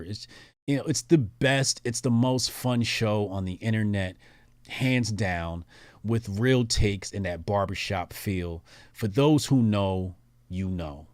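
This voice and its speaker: A man's voice: fairly low pitch, animated, normal speed, no echo, studio quality. A man hosting a livestream, reading viewer messages in a laid-back, rambling way with many fillers. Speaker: livestream host.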